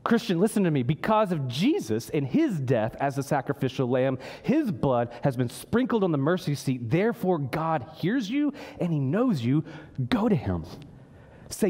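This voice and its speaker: A man's voice: very animated, normal speed, a little mellow, breathy edge. A pastor preaching a sermon in a church, earnest, with his voice rising when he acts out a prayer. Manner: earnest, voice lifts high when acting out prayers.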